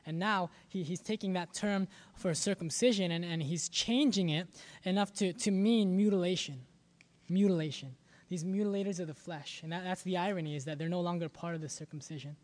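A man's voice: sits high, a little fast. Earnest man preaching a sermon. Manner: earnest, repeats words as he thinks. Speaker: pastor.

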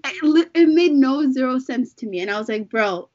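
A high-pitched woman recounts what happened, slipping into other people's words and swearing as she goes. The sound is dull and lo-fi. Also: moderate pace. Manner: animated retelling, quotes people, profane. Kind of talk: casual chat, telling a story.

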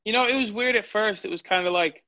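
Bright-voiced young man, dry lo-fi sound. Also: high voice, fast talker, no echo. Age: 20s. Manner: candid storytelling. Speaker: fighter. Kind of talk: interview answers. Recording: dull lo-fi audio.

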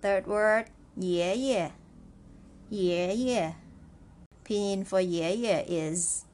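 A woman teaching a pinyin quiz, speaking slowly and deliberately and spelling out letters one by one. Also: on the low side. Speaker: Chinese language teacher. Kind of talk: slow spoken pinyin quiz lesson.

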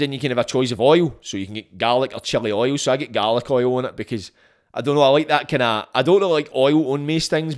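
A young man with a Glaswegian Scottish accent, hosting a podcast and telling a sweary, animated story, acting out quotes along the way. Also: mid-range voice. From Scotland. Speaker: podcast host. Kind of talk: casual storytelling monologue.

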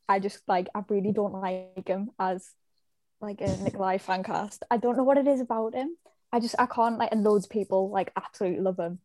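A woman's voice: medium pitch, darkish tone, no echo. A woman with a mid-range voice, recorded dry and close, takes part in a casual fan chat. She hedges and restarts her sentences, with fillers throughout. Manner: hesitant, filler-heavy.

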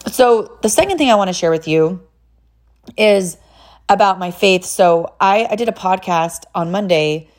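A mid-range, unhurried voice belongs to a California mother sharing personal stories in a relaxed monologue. She's talkative, leans heavily on "like," and brings the retelling to life by voicing the people she quotes.

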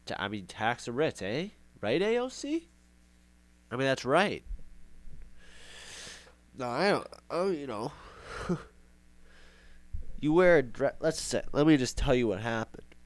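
A man's voice: medium pitch, big pitch swings, measured pace, long pauses. A young man hosting a casual podcast monologue, rambling and sarcastic, repeating himself for effect. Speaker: podcast host.

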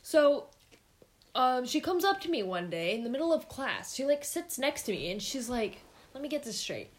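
A woman's voice: high-pitched, very animated, normal speed, slight background noise. A young woman co-hosting a casual podcast, telling stories sarcastically and acting out quoted voices. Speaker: podcast co-host. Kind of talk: casual chat.

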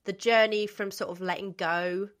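A woman with a mid-range voice hosts a relaxed podcast conversation. She is enthusiastic and chatty, peppering her speech with "like" and "you know". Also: medium pitch, moderate pace. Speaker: podcast host. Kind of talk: casual podcast interview.

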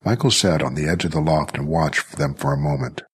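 A man narrating a story in a measured audiobook reading. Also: extremely low pitch, very animated, gravelly, a little hiss or hum.

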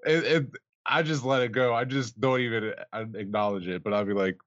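A man's voice: mid-range voice, steady tone, fairly quick, a bit bright, no echo, muffled recording. A man in casual chat with friends, joking and acting out phone calls. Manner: jokey, acts out phone calls.

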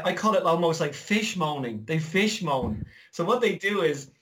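Irish man, slightly high voice, lively storyteller for a casual chat. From Ireland. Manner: animated storyteller, acts out quoted voices.

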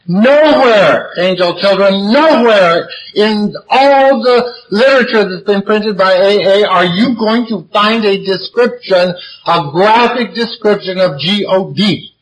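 A man's voice: high-pitched, takes it slowly, hardly any pauses, slight background noise, low-quality recording. A man sharing his recovery story to a meeting crowd, blunt and profane, hammering points with repetition. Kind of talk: recovery talk to a live audience. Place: meeting room before a gathered audience.

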